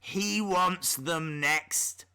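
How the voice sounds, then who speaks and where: A man with a high, bright voice hosts a live reaction stream. He talks at an unhurried pace, chatting with bursts of excitement and muttering to himself as he works. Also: clear, resonant tone. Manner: mutters to himself while fiddling.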